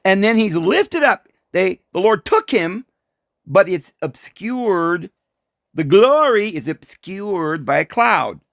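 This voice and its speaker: A man talks through scripture in a loose, conversational teaching style, tossing out rhetorical questions and little laughs. His voice sits high and swings widely in pitch. The sound is close and dry, with no room around it. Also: creaky, dry recording. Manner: animated, full of rhetorical questions and quick chuckles. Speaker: Bible teacher. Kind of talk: informal Bible commentary.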